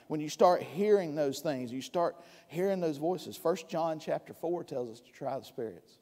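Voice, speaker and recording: A man's voice: a little high, a little mellow, big-room sound. A man preaching a sermon in a folksy, conversational way, with many restarts. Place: church sanctuary.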